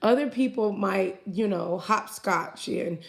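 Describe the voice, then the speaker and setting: A woman hosting a casual call-in show, talking loudly and boisterously, cussing and stuttering now and then. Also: mid-range voice, takes it slowly, vocal fry. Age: adult parent. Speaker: host.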